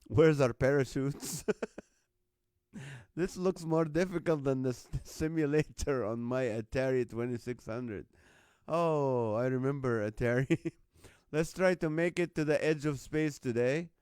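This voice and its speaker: Man, host, live chat, laughs a lot, unhurried, dry close sound. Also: medium pitch, darkish tone, clean tone, dry recording. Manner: laughs often between lines, jokey. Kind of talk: live-stream chat reading viewer jokes.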